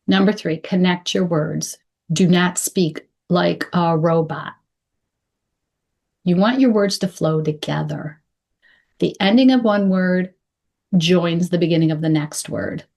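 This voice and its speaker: A woman coaching clear English, speaking deliberately and modeling phrases slowly with pauses. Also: fairly low pitch, a little mellow. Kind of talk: instructional talk to camera.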